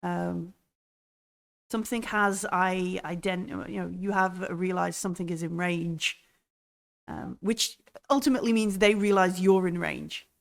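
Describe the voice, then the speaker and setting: A woman running a tabletop role-playing game as game master. She talks in a hesitant, halting way, filling her pauses with ums and likes. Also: fairly low pitch, steady tone, gravelly. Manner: hesitant, lots of fillers.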